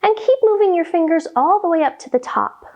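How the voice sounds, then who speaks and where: This kids' yoga teacher speaks very high and expressively, a touch quickly, over lo-fi audio. She guides the children with a playful, sing-song delivery, complete with animal sounds and a nursery rhyme.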